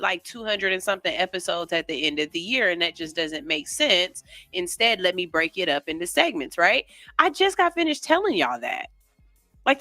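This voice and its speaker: A woman's voice: mid-range voice, sharp tone, no room sound. A woman hosting a morning radio show, rambling loosely, cursing casually and laughing at herself, on a studio microphone.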